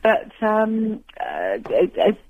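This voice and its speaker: A woman's voice: mid-range voice, huge pitch swings, takes it slowly, slight background noise. A woman calling in to a radio show, telling a long story in a rambling, hesitant way with frequent laughter over a phone line. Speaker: caller. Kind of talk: phone-in chat.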